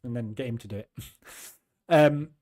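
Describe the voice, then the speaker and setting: A man in his fifties hosting a trading channel, talking in a chatty, self-deprecating way and acting out his own quick asides. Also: medium pitch, darkish tone. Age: 50s. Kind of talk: casual chat.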